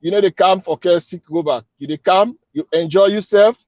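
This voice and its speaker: A man's voice: high voice, moderate pace, a little mellow, no room sound, highs cut off. A man with a Sierra Leonean Krio accent, an event organizer giving an upbeat, persuasive interview and repeating his calls to act. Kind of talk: radio interview guest.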